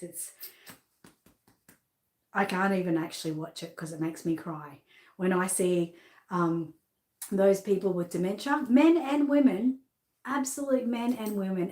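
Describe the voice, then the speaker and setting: Australian woman, middle-aged, bubbly and chatty, mid-pitched voice, roomy echo. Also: darkish tone. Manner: bubbly, chatty, laughs at herself. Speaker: doll seller and presenter. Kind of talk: chatty live sales showcase.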